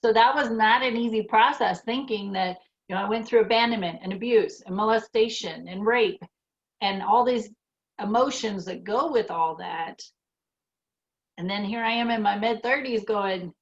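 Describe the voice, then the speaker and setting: A woman's voice: mid-range voice, normal speed, vocal fry. A woman in her fifties, co-host of a spiritual talk show, telling a personal story in an earnest, reflective way. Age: 50s. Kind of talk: casual reflective chat. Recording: slightly muffled sound.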